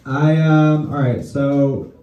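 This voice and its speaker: A man's voice: medium pitch, steady tone, slow pace, lo-fi sound. A man acting as emcee, introducing the next comedians. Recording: echoey basement, far off, faint noise.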